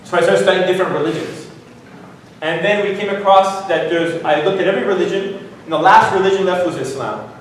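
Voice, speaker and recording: A man telling a funny personal story as a guest speaker at a conference, animated and jokey. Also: fairly quick, a little hiss or hum. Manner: animated, jokey, rises high when excited. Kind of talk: humorous personal storytelling talk. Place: conference hall. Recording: very echoey hall, distant mic.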